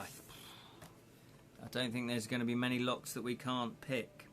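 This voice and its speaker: A man's voice: mid-range voice, pushed and bright, a little hiss or hum. A man reading a choose-your-own-adventure book live, chatty with jokey asides. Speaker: game host and reader.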